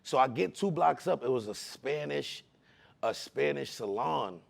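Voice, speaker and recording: A man from the Bronx, telling his personal testimony in a casual, animated way with street slang. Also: medium pitch, a little slow, creaky. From the Bronx, New York. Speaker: speaker giving a personal testimony.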